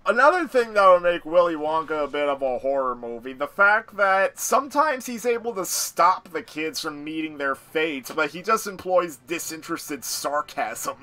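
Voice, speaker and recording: A young man chatting casually with a friend, animated and excitable. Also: on the high side, normal speed, hardly any pauses. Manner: animated, excitable, yells for effect. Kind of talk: casual chat.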